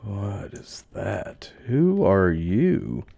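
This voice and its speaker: Man, gaming commentator, animated, exclaiming, low pitch. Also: extremely slow, vocal fry, dry recording. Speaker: game commentator. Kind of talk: let's play commentary.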